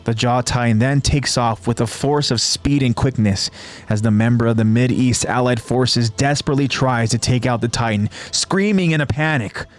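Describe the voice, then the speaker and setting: A man who hosts a podcast, retelling an anime episode scene by scene in a steady, descriptive way. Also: mid-range voice, moderate pace. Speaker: podcast host.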